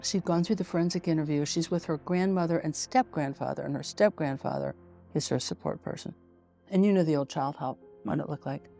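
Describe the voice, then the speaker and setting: Gravelly-voiced woman telling a story. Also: low voice, a little fast, dark tone, faint music behind. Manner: vivid anecdotal storytelling, acting out quotes. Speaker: forensic pediatrician guest. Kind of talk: storytelling in a podcast interview.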